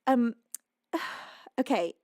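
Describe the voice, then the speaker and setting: A woman's voice: a little high, animated, drawn-out words, darkish tone, no echo, studio quality. A young British woman hosting a music livestream, reading out donations in a casual, emotional way while laughing and crying. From United Kingdom. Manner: emotional, breathless, laughing through tears. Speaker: livestream singer and host.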